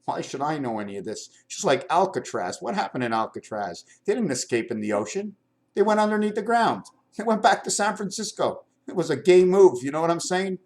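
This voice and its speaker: An older man with a fairly high voice talks to his camera in a loose, wandering home vlog. His thoughts jump from one subject to the next, and he holds things up to show as he speaks. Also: big pitch swings, brisk, a little mellow. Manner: wandering stream-of-consciousness talk, jumping between topics; shows items to the camera while talking. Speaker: vlogger. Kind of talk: rambling home vlog monologue.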